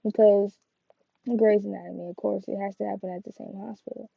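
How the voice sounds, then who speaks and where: A woman's voice: medium pitch, flat delivery, brisk, creaky, breathy edge, no echo, lo-fi sound. A woman reviewing a TV episode in casual, rambling chat, full of fillers and slangy asides. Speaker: TV review vlogger.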